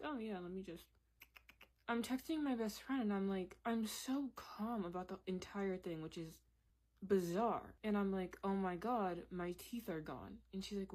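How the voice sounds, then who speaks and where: A woman's voice: medium pitch, a little mellow. A woman in her twenties telling a candid story time in a casual, conversational way, laughing now and then.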